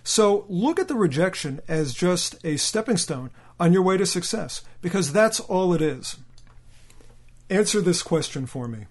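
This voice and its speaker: A man's voice: high voice, very animated, a little slow. A man giving a motivational sales training talk, speaking directly to the listener with emphasis and frequent rhetorical questions. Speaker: sales coach.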